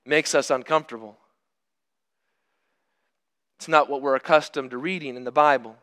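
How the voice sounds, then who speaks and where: A middle-aged man preaching a sermon, earnest, moving between hushed, drawn-out phrases and emphatic bursts. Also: medium pitch.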